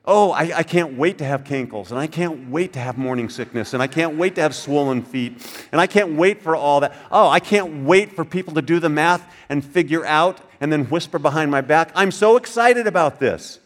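A man voicing a young woman who gushes with mock excitement, sarcastic and breathless. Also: on the high side, normal speed, few pauses, long reverb tail, voice pushed up, natural voice. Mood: mock-excited.

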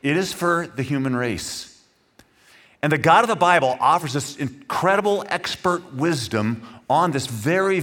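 A man's voice: a little high, fairly bright tone. A man preaching a sermon to his congregation, earnest and emphatic, speaking directly to the listeners. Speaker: pastor.

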